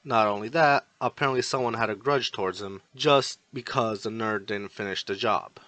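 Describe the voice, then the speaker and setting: A man's voice: on the low side, normal speed, sharp tone, no room sound. A man voicing a brash, hot-tempered young man who snaps insults, in a fan story reading. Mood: scornful. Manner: scornful, snapping insults.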